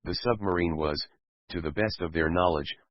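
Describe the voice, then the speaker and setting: A man reading a fan fiction story aloud in a steady, plain manner. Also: sits low, moderate pace, no echo. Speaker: narrator. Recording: dull lo-fi recording.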